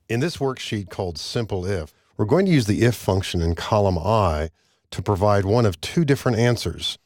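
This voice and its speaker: Deep-voiced man explaining software calmly. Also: no echo, studio quality. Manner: measured, methodical explaining. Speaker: software instructor. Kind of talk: screen-recorded tutorial narration.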